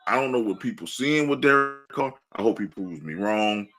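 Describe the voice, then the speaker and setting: A man co-hosting a sports podcast, animated and laughing as he mocks fans' takes. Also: lowish voice, normal speed, soft background music, poor audio. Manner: animated, laughing, mock-quoting fans. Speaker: podcast co-host. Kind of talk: casual sports talk.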